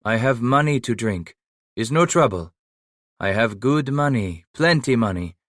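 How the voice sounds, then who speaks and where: A big, terse stranger with a deep voice speaks in brusque, broken English, a few words at a time, as a male narrator puts him on. The delivery is clipped and gruff. The audiobook sound is close and dry. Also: expressive, unhurried, fairly bright tone, dry recording.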